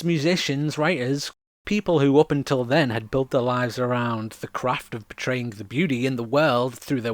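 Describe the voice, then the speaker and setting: A man's voice: medium pitch, no echo. Wry man explaining theatre, dry sound. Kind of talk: casual explanatory talk.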